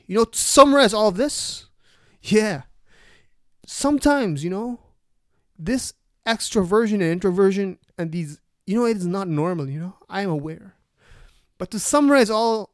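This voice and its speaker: A man hosting a solo podcast, talking in a rambling, energetic and profane way. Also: sits high, smooth, dry recording. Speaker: podcast host. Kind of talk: casual solo podcast monologue.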